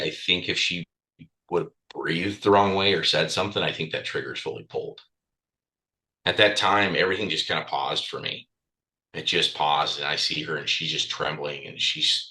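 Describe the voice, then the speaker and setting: A man's voice: very deep voice, fairly even intonation, normal speed, pushed and bright, low-quality recording. A man speaking as a podcast guest, telling a candid personal story bluntly, swearing freely and with raw emotion.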